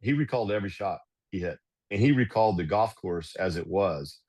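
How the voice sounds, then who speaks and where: A middle-aged man, a golf club director and podcast guest, telling anecdotes in casual, animated fashion. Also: sits low, a little fast, slightly rough. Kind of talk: casual storytelling.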